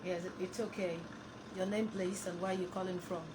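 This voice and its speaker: A woman hosting a radio phone-in show, brisk and polite as she takes callers and reads out the phone lines. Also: on the low side, little pitch movement, background noise. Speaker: radio talk show host. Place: radio studio.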